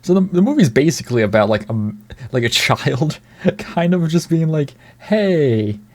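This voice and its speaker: A man's voice: a little high, expressive, normal speed, darkish tone. Rambling man in casual commentary. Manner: rambling with restarts and swearing; bemused, laughing at the film. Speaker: video reviewer.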